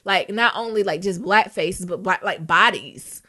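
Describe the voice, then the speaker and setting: A woman co-hosting a podcast in casual chat, animated and often tagging her points with "right?". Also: mid-range voice, unhurried. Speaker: podcast co-host.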